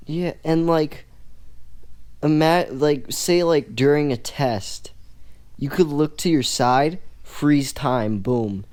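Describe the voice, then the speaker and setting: A woman co-hosting a casual podcast chat, musing slowly with drawn-out, hesitant phrases. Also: deep voice, a little mellow. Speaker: podcast co-host.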